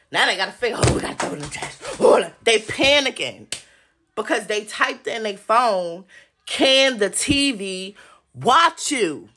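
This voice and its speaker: A woman's voice: on the high side, bright, forceful tone. A woman hosting a solo podcast, ranting in an agitated, heavily profane way and speaking straight to her listeners. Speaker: podcast host.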